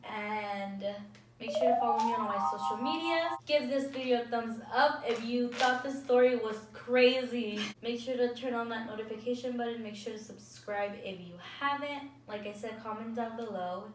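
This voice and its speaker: A woman's voice: fairly high pitch, moderate pace. A young woman vlogger casually telling a storytime between bites, with lots of "like" and quoted dialogue. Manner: animated retelling with lots of "like". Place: indoors, eating at a table. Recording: echoey room from a distance with some noise.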